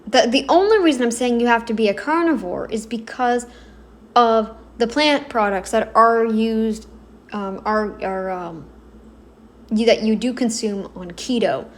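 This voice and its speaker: A woman giving casual reaction commentary, halting and self-correcting, blunt and exasperated in her opinions. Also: fairly high pitch. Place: home, kneeling then seated.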